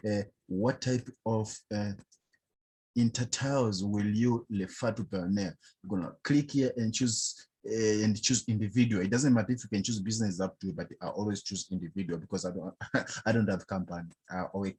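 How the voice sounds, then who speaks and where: Husky low-voiced man walking through a tutorial. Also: darkish tone. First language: not English. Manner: halting, chatty, addresses viewers as guys. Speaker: online money vlogger. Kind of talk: screen-recording tutorial walkthrough.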